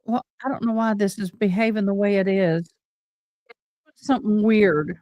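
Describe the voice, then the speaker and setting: A woman's voice: medium pitch, normal speed, darkish tone, no room sound, dull audio. Chatty woman livestream host. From Missouri. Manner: chatty, rambling, folksy. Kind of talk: casual livestream chat.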